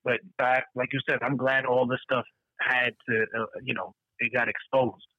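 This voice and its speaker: A man co-hosting a casual podcast chat, animated and profane, who acts out the people he quotes in raised voices. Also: mid-range voice, normal speed, dry recording, muffled recording. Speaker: podcast co-host.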